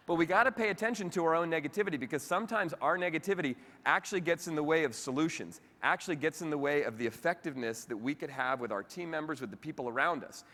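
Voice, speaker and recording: A man giving a lively motivational keynote talk, chatting directly with the audience at a convention. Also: a little high, quick pace, hardly any pauses. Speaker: keynote speaker. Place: convention hall with live audience. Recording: reverberant convention hall.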